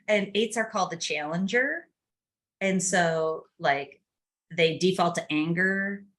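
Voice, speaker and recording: A woman's voice: lowish voice, slow pace. A middle-aged woman hosting a podcast, telling family stories in a chatty, casual way with laughs. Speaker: podcast host. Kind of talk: casual chat.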